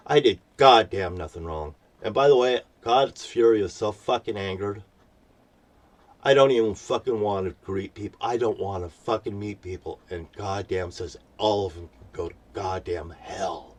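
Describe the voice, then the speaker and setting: A man's voice: lowish voice, unhurried, far from the mic. A man ranting to camera in an angry, profane, rambling preaching manner. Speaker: vlogger.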